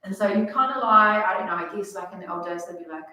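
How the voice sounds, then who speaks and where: An economics teacher explains the subject to her class in a casual, chatty lecture full of fillers. Her lowish voice is fast, bright and forceful. The room is echoey and she sounds far from the mic.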